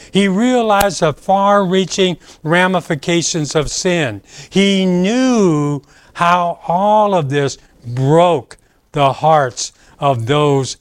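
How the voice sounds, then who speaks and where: Male pastor, unhurried emphatic sermon voice, dry recording. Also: fairly high pitch, clean tone, no echo. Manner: slow, emphatic preaching with rising emphasis. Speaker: preacher.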